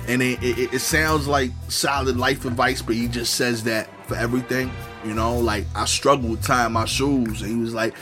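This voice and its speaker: A man's voice: medium pitch, steady tone, normal speed, few pauses, music in the background. A man, telling a funny personal story in a conversational way, full of wry asides. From New York. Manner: conversational, many "you know" fillers, wry asides.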